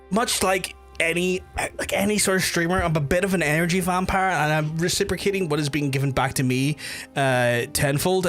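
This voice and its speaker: Man, young adult, gaming livestream chat, excitable, chatty, slightly raised pitch. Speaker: gaming streamer. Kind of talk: casual livestream chat while playing.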